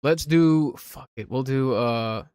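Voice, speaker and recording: A man's voice: mid-range voice, slow, a little mellow, smooth, dry recording, clean studio sound. A man streaming casually, ranking images with blunt, offhand remarks and frequent swearing. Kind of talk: casual livestream commentary.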